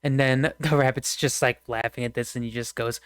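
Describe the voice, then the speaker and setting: A man narrates a tabletop game as game master, rambling and laughing often. His medium-pitched voice is fairly even, a little fast, and fairly bright, clear and resonant, recorded at studio quality with no room sound.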